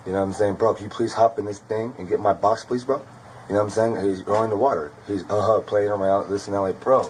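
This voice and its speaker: Fast-talking man under questioning. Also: low-pitched, a little hiss or hum, low-quality recording. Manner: rapid, repetitive, keeps saying bro. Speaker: interrogated suspect. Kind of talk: rambling account under questioning.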